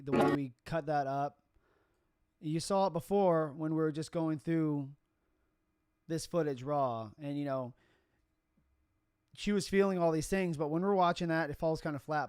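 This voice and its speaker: A man's voice: on the high side, a little mellow, clear, resonant tone, no echo. A man who films weddings, talking casually as he explains his editing step by step. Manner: chatty, explains as he works. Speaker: wedding videographer. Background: music.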